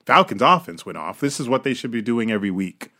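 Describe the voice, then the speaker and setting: A man's voice: mid-range voice, sing-song, fast, bright, forceful tone. A man co-hosting a podcast, chatting casually and animatedly about football, swearing and laughing. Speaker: podcast co-host. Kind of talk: casual sports chat.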